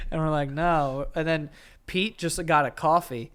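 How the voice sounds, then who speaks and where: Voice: medium pitch, steady tone, unhurried, pauses often, fairly bright tone, clean tone. A co-host on a podcast, joking and laughing through casual banter. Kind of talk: casual chat.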